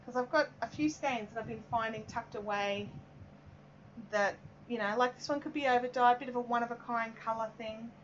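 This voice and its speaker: A chatty Australian woman with a fairly high voice, rambling through a casual live craft stream. Her talk is full of little "um"s as she works and greets viewers. The audio is a bit dull and muffled, with faint hiss behind it. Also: moderate pace. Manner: chatty and rambling, reading out viewer comments, many "um"s. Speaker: yarn dyer hosting a live stream. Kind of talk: casual live-stream chat while working.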